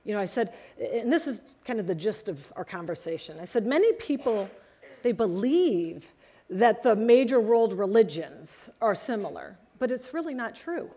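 A woman preaching a sermon to her congregation, telling stories in an earnest, animated way. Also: medium pitch, moderate pace, breathy edge. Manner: earnest storytelling, animated emphasis.

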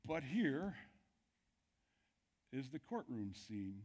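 A man in mid pitch delivers a sermon as a pastor. His preaching is dramatic, sinking to quiet, drawn-out lines before climbing to loud, emphatic peaks. He puts questions straight to the congregation. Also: very animated, noisy background. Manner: dramatic, drops to near-whispers then builds loud.

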